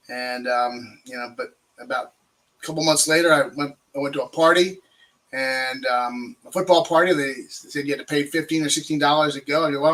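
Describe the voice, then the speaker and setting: An older man from Maryland telling his recovery story as an interview guest, halting, with many fillers and restarts. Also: medium pitch, a bit bright, low-quality recording. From Maryland, USA.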